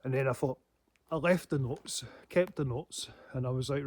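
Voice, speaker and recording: A man's voice: medium pitch, moderate pace, a little mellow. A man rambling in a casual vlog monologue, swearing often and breaking into laughs. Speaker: paranormal vlogger.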